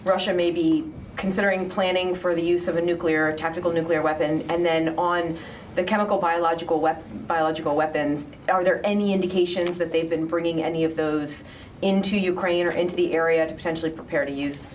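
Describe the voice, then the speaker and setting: Low-voiced woman reporter off-mic. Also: steady tone, brisk. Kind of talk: asking questions at a press briefing. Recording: distant mic with faint noise.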